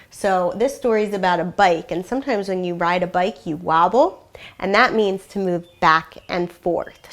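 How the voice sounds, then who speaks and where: A kindergarten teacher reading a picture book to young children in an even, middle-pitched woman's voice. She explains slowly and gently and keeps asking questions to guide the little listeners. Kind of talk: read-aloud lesson for young children.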